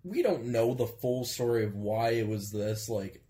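A man's voice: medium pitch, animated, measured pace, mellow. A man co-hosting a casual film discussion, laid-back and rambling with lots of fillers. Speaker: podcast co-host.

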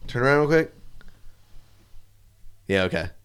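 A man's voice: medium pitch, lively intonation, unhurried, fairly bright tone, clear, resonant tone. A man on a casual podcast, bluntly roasting a friend with lots of swearing. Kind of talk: casual chat.

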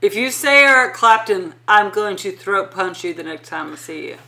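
A woman's voice: mid-range voice, animated, moderate pace, sharp tone. A woman co-hosting a podcast from her dining room, opinionated and playfully argumentative, swearing freely in casual chat. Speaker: podcast co-host.

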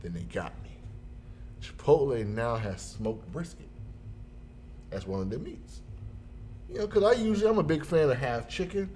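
Male co-host, lively swooping delivery, casual story with a faint noise bed. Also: moderate pace, pauses often. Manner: animated, jumps into high voices for quoted people.

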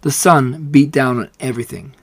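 A man reading a children's book aloud in a steady, unhurried way. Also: mid-range voice, no echo. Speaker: reader.

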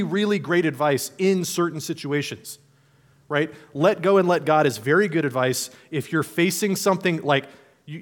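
Conversational male pastor preaching. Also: on the high side. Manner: conversational, playful, acts out imagined voices. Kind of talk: sermon.

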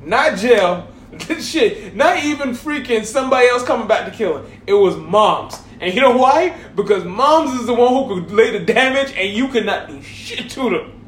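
High-voiced guy from hawaii telling a funny story, keeps laughing, echoey room. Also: normal speed, slight background noise. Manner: animated, laughing through his words. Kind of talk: casual comic storytelling.

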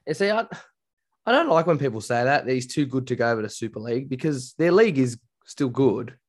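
An Australian man co-hosting a casual podcast chat, telling stories in a chatty, animated way. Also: mid-range voice, a little fast. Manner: chatty, animated storytelling with quoted voices. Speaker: podcast co-host.

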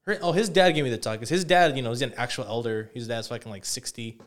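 A man's voice: medium pitch, fast. A young man co-hosting a podcast, telling stories in a rambling, profane, casual chat. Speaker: podcast co-host.

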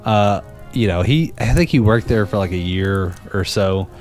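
A man's voice: on the low side, normal speed, soft background music. A young man in casual chat, telling a story with lots of swearing and acting out the voices of the people in it. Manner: animated, swearing, acts out quoted voices.

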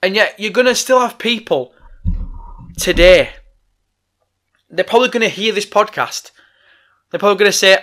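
A man's voice: high voice, lively intonation, moderate pace, pauses often, a bit bright. A man hosting a podcast, delivering a heated, profane, exasperated rant. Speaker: podcast host. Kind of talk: ranting podcast monologue.

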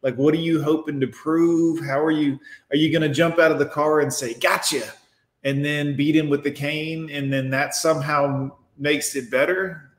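A man's voice: fairly high pitch, steady tone, moderate pace, roomy sound. A man commenting on a clip in a blunt, dismissive, lecturing way. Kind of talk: reaction commentary.

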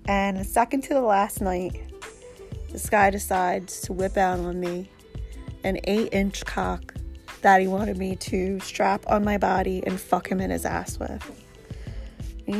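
A woman's voice: medium pitch, creaky, a little mellow. A woman guest telling a story about her vacation, bluntly and profanely, with lots of animation. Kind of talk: casual storytelling.

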